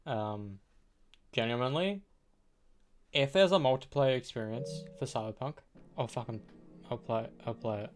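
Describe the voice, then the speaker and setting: A man's voice: mid-range voice, moderate pace, pauses often, soft background music. A man streaming, reacting to videos in blunt, slangy casual chat with plenty of swearing.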